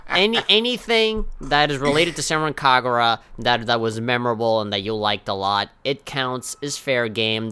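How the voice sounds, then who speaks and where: A young man co-hosting a casual podcast, playful and jokey, with sudden silly shouted bits. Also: fairly low pitch, clear, resonant tone. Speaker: podcast co-host.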